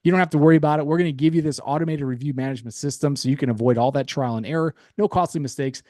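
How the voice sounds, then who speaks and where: A man presenting a sales pitch on a webinar, upbeat, with light chuckles and casual asides. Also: very fast, warm tone, no room sound, studio quality.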